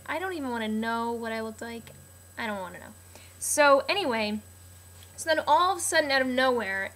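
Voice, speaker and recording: A woman's voice: fairly high pitch, fairly bright tone, a little hiss or hum. Chatty young woman telling a story. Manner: chatty, rambling, lots of "like" and restarts. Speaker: vlogger. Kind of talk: casual storytelling to camera.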